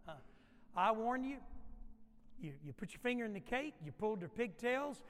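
A woman's voice: a little high, expressive, moderate pace, in a large hall, voice pushed up, natural voice. A man acting out a stern mother who firmly warns her children how to behave at a party, in a sermon. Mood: stern warning. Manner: firm, warning.

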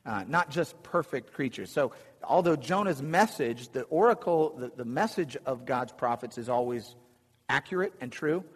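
A man's voice: medium pitch, lively intonation, normal speed, slightly rough. A man preaching a conversational sermon from slides, with chuckling asides and frequent restarts. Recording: long reverb of a hall.

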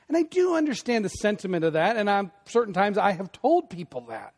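A husky, high-sitting male voice belongs to a pastor giving a brisk, sing-song sermon in a conversational style. He breaks into loud bursts, drops to hushed emphasis and keeps making asides to the congregation.

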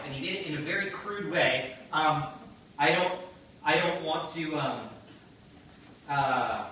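A man's voice: fairly high pitch, a little hiss or hum. Man preaching in a very echoey hall. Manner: animated, conversational, acts out quotes. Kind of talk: sermon storytelling. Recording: very echoey, distant mic, faint ambience.

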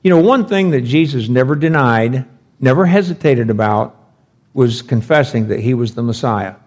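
A man teaching through a Bible passage verse by verse, conversational and thinking aloud with rhetorical questions. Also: medium pitch. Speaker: pastor teaching scripture.

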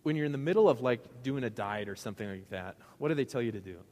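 A man's voice: mid-range voice, lively intonation, fast talker, darkish tone, big-room sound. A male pastor giving a sermon in a conversational, joking way, asking the congregation questions.

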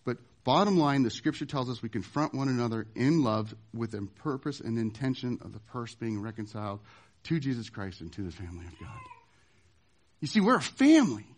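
A man preaching a sermon as pastor, emphatic, swinging from loud to hushed. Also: mid-range voice, big pitch swings, a little fast.

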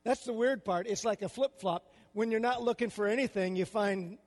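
A man's voice: high voice, normal speed, long reverb tail. An older man preaching a sermon as a pastor, with a conversational style full of rhetorical questions.

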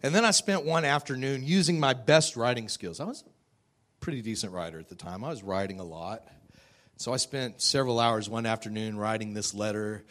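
A man sharing a personal testimony in a conversational storytelling style, self-deprecating and quick to laugh. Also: fairly low pitch, a bit bright.

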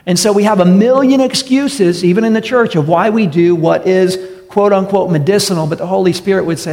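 Pastor preaching in an echoing church. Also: male voice, high voice, a little fast, few pauses, a little mellow. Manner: direct, emphatic preaching with rhetorical questions. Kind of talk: sermon. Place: church sanctuary.

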